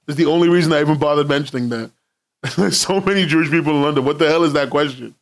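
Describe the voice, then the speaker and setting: At home indoors in London, a young man talks to his stream viewers in a fast, casual ramble, swearing freely and laughing often. His voice sits slightly high for a man.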